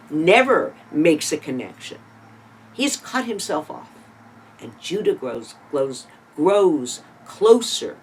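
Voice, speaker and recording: In a sermon, a Torah teacher retells a scripture story, heightening the drama with abrupt shifts in volume and emphasis and tossing in asides and rhetorical questions. The voice is mid-range, and the rough recording carries slight background noise.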